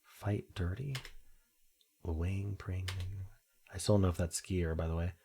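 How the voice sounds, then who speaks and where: A man's voice: deep voice, steady tone, measured pace, vocal fry, mellow, slight background noise. A man thinking aloud while he solves a crossword, reading clues aloud and muttering half-sure guesses. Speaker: crossword-solving video host.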